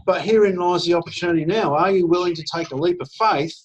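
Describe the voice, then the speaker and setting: A man pitches with brisk energy over a video call, checking in constantly with his listeners. His voice sits a bit high and sounds husky. The audio is dull and lo-fi. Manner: energetic, keeps tagging "all right?". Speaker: network marketing presenter.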